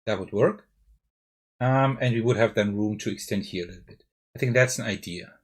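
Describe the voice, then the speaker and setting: A man with a German accent plays a card game live on stream, reasoning out loud and questioning himself with frequent "right?". He speaks fairly quickly in a lowish, slightly rough voice, recorded on a desk mic with a face cam.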